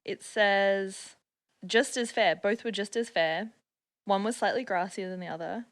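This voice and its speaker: A woman's voice: medium pitch, unhurried. An Australian woman, a podcast guest, chatting casually and explaining things at length with frequent laughs. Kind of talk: casual chat.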